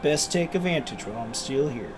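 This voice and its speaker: Man doing a gloomy middle-aged blacksmith, Scottish brogue, rough and wandering, fantasy game dialogue. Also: mid-range voice, expressive, fairly quick, background noise, close to an everyday voice.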